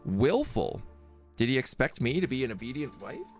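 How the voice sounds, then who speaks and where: A man's voice: medium pitch, wildly swooping pitch, moderate pace, faint music behind, pitched above the performer's own voice. A man voicing a distraught young female ghost bride, a decayed spirit who pleads for help. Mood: indignant. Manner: pleading, distraught, then indignant.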